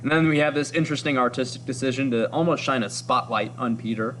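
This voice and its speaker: A man's voice: mid-range voice, fast, fairly bright tone, slight background noise. Man explaining a comic like a teacher. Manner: explanatory, upbeat, with ums. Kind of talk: reading and analyzing a comic for students.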